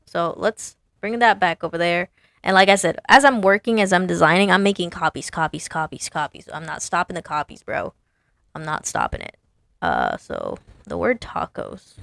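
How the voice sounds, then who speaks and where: A woman's voice: on the low side, very animated, moderate pace, vocal fry, fairly bright tone, dry recording, studio quality. A woman sign designer casually talking through her work, chatty and self-amused, thinking aloud as she designs. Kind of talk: casual design commentary while working.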